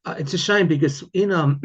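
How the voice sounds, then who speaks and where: A man's voice: on the high side, slightly rough, highs cut off. An Australian man chatting casually to camera, rambling with many fillers and restarts. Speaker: tarot YouTuber.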